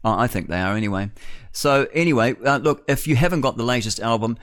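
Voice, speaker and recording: A man's voice: mid-range voice, fast talker, fairly bright tone. An older man with a New Zealand accent, hosting a talk radio show in a blunt, rambling monologue full of restarts. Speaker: radio host.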